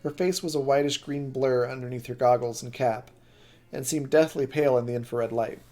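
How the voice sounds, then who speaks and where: A man's voice: medium pitch, brisk. Man reading a novel aloud on stream. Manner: steady reading with occasional slips and self-corrections.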